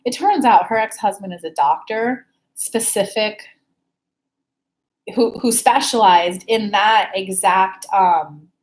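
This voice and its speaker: A woman's voice: medium pitch, takes it slowly. A woman working as an intuitive life coach, chatting casually on a live stream and answering viewer questions, candid, swearing freely, with whooping exclamations.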